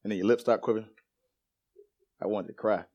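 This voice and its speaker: A man's voice: lowish voice, fairly even intonation, fairly quick, darkish tone, muffled recording. A man preaching in a church, telling a personal story with laughter and casual slang before turning to scripture. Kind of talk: storytelling sermon. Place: church sanctuary.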